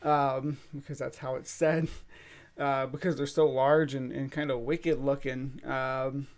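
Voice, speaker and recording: A man with a rough, gravelly edge to his voice talks casually on a livestream from a room at home. He rambles and stalls often, filling pauses with drawn-out "uh" sounds as he finds his words. His pitch sits in an ordinary middle range. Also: level tone. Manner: rambling and halting, full of "uh" fillers. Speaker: streamer hosting a late-night bug stream. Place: home room set up for streaming.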